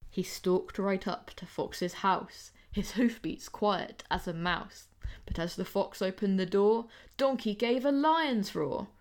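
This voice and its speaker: A woman's voice: mid-range voice, slow pace, darkish tone. Young woman reading a playful rhyming poem. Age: young adult. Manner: playful, sing-song storytelling. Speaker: podcast host.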